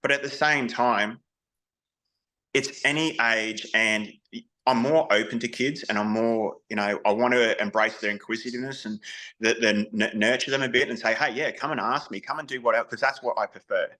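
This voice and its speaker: A man's voice: lowish voice, steady tone, normal speed, pushed and bright, poor audio. An Australian man, a veteran guest on an interview podcast, speaking candidly in casual storytelling with frequent restarts.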